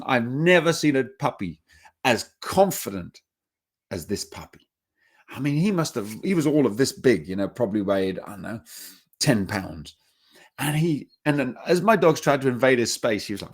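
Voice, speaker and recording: Guy doing a dog training webinar, chatty and animated, acts out the dogs. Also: medium pitch, normal speed. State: emotional at times. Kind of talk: webinar talk.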